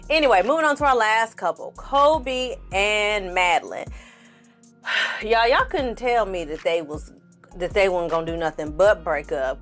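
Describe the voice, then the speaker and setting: A woman's voice: mid-range voice, fairly bright tone. A woman giving a casual reaction commentary on a TV show, blunt and sassy, swearing freely and talking straight to her viewers. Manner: talks straight to the audience. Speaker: TV reviewer.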